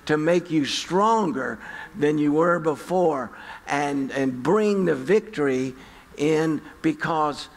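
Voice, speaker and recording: A man's voice: on the high side, long reverb tail. A middle-aged male pastor preaching a sermon in a folksy, conversational storytelling way. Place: church sanctuary.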